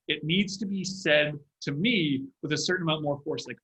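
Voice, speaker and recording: A man talks through a critique of political speeches in a measured, analytical way. His voice sits a little high and sounds bright and forceful. The room around him rings with echo. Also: lo-fi sound. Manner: measured, acts out phrasings to make a point. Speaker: public speaking commentator. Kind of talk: analytical discussion.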